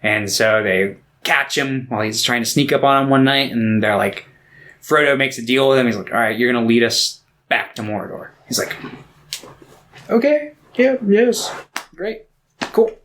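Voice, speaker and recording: A man's voice: medium pitch, pushed and bright. Casual, profane male podcast host. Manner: loose, profane retelling with quick put-on voices for characters. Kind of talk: casual movie podcast chat.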